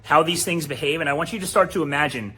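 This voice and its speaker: A man from New Jersey presents a software demo to gym owners while sharing his screen. He talks in a blunt, salesy way and swears casually. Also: on the high side, quick pace. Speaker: fitness business presenter. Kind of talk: screen-share product demo narration.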